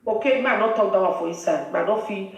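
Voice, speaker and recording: A woman's voice: mid-range voice, quick pace. A woman with a Nigerian accent, hosting a live video and scolding in a preachy, emphatic way. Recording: very echoey room, voice far from mic.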